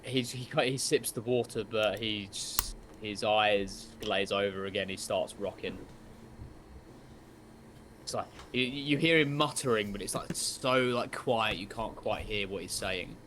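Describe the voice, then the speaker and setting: A man's voice: lowish voice, unhurried, a bit bright, a little hiss or hum. A man narrating as game master, hesitant and full of ums.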